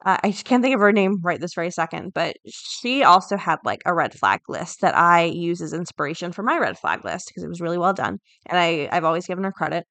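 A woman's voice: fairly low pitch, lively intonation, fairly quick, hardly any pauses, a bit bright, no room sound. A woman hosting a podcast, reading news items and then thinking aloud in a chatty way, with many fillers and restarts. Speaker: podcast host. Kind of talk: casual podcast commentary.

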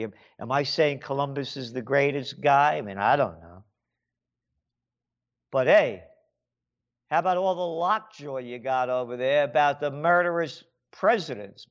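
A man's voice: medium pitch, gravelly, dull audio. An American man and author ranting sarcastically in a monologue, firing off rhetorical questions in a heated tone. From United States.

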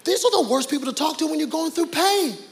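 A man preaching a sermon, dramatic, swinging from hushed to shouting. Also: extremely high pitch, expressive, fast talker, creaky. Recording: reverberant hall with faint ambience.

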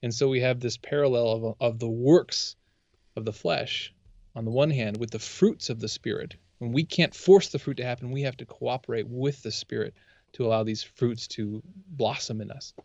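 A man's voice: medium pitch, moderate pace, a little mellow, dry recording, highs cut off. A man talking about faith in a casual discussion, earnest and eager, often stumbling and restarting his sentences.

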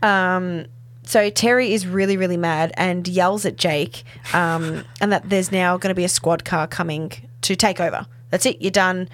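A woman, recapping a TV episode in casual chat, full of "like" and "um" and quick laughs. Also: on the low side, fairly even intonation, a little hiss or hum. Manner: chatty, filler-heavy with frequent "like" and "um", laughs often. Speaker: podcast co-host.

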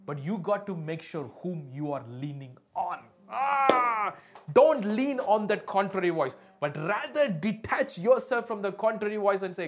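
A man, preaching a sermon to a congregation, swinging between loud emphatic peaks and quiet drops and often asking his listeners to respond. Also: high-pitched, very animated, a little slow. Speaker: pastor.

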